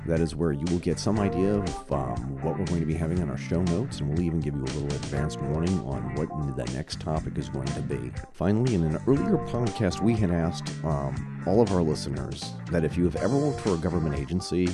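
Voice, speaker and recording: A man's voice: very deep voice, animated, fairly quick, few pauses, over loud music. A man co-hosting a podcast, chatty with frequent fillers. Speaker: podcast co-host. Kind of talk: casual podcast chat.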